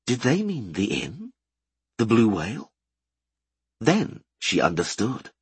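A male narrator reads a fantasy story with a husky, breathy voice that swings widely in pitch. His tone is slightly low, and the recording is dry and close. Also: wildly swooping pitch, takes it slowly, dry recording. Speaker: audiobook narrator.

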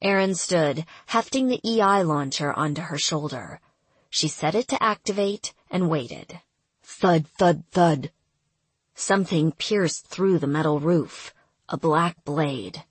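A woman reads a story at an unhurried pace, her voice breathy and lively in pitch. The recording is close and dry. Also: no echo. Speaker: audiobook narrator. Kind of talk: scripted narration.

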